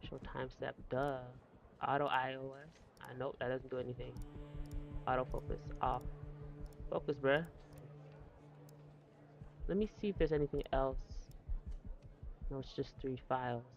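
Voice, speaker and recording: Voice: mid-range voice, steady tone, unhurried, creaky, long pauses, highs cut off, soft background music. A streamer giving casual live commentary on a horror game, jumpy and anxious, talking to themself in slang. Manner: jumpy, anxious, talks to self. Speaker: gameplay streamer.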